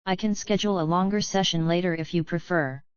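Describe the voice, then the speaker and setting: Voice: medium pitch, steady tone, fast, clean tone, no room sound, lo-fi sound, lightly acted. A woman voicing a polite, methodical female unicorn scholar who asks formal questions.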